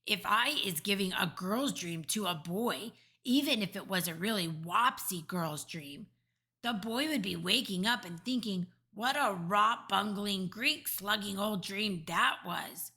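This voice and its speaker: A woman's voice: mid-range voice, measured pace, bright, forceful tone. A woman voicing a big, friendly male giant who mangles his grammar and invents words, in an audiobook reading. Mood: cheerful. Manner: jumbled made-up words and broken grammar. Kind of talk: audiobook character voice.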